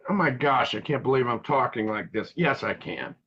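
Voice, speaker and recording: A man's voice: medium pitch, expressive, normal speed, fairly bright tone, muffled recording, a little hiss or hum. A man hosting a live web show in casual chat, rambling and joking with crude humor. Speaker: show host.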